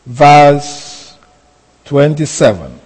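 A man preaching an expository sermon, speaking deliberately and repeating key phrases for emphasis. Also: fairly high pitch, lively intonation, darkish tone, breathy edge. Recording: reverberant hall sound.

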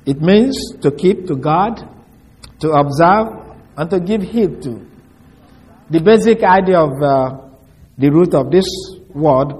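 Male preacher, slightly high voice, animated intonation, deliberate teaching delivery. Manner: slow, deliberate, explains word by word with emphasis. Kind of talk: sermon teaching from scripture.

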